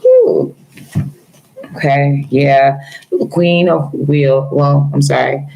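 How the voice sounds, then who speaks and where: A woman's voice: low voice, steady tone, slow, gravelly, muffled recording, soft background music. A woman giving a casual live-stream tarot reading, speaking affectionately to her viewers with features. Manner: affectionate, calls viewers girl and honey. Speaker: tarot reader.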